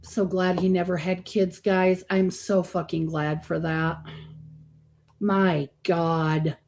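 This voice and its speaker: A slow, flat, lowish woman's voice, slightly mellow, belongs to a reaction-stream host from Florida. Using a streaming microphone, she names viewers as she greets them and stays blunt, with frequent profanity and groans of disgust.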